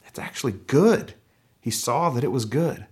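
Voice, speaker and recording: A man's voice: mid-range voice, lively intonation, darkish tone, breathy edge. Conversational male pastor preaching. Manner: conversational preaching with fillers and restarts, reads scripture slowly. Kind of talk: sermon.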